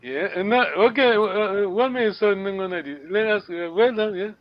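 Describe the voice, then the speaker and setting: A man teaching a language class online, patient, often checking understanding with a quick question. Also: high voice, no echo, dull audio.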